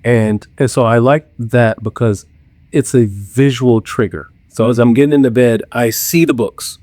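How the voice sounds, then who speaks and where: A man guests on a podcast, talking earnestly and openly through his own routines. He tells his stories at an everyday middle pitch and is quick to poke fun at himself. The sound is dry and close, with no room echo. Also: darkish tone. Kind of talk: casual interview chat.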